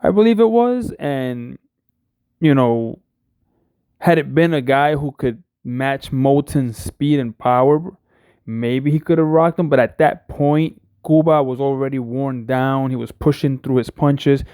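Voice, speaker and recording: A man's voice: mid-range voice, unhurried, darkish tone, clear, resonant tone, no echo, clean studio sound. A man hosting a boxing talk show, giving casual, rambling commentary full of fillers and restarts.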